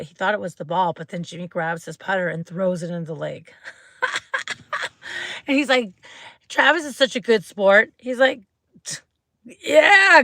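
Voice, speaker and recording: A woman's voice: fairly bright tone, no room sound. A woman hosting a casual livestream from inside her parked car, talking close to a phone, chatty and bubbly. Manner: chatty and bubbly, acts out quotes in squeaky voices. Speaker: livestream host. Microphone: phone held close.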